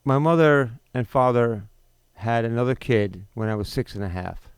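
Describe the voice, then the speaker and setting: A podcast host in his fifties, with a medium-pitched, animated, smooth voice at normal speed, delivers an unscripted, indignant talk-show monologue. He fires off rhetorical questions and often restarts his sentences. There's no room sound.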